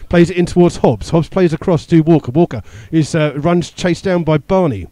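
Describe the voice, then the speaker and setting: Quick, dark-toned football commentator man. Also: fairly high pitch, no echo. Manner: rapid play-by-play with fillers and chuckles. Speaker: match commentator. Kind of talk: live football radio commentary. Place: stadium commentary position.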